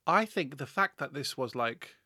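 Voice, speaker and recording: A man in his twenties co-hosting a comedy podcast, camp and sardonic, dropping dark jokes. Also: medium pitch, lively intonation, moderate pace, dry recording, clean studio sound. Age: 20s. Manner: camp, sardonic, darkly joking. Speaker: podcast co-host. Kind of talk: casual comedic chat.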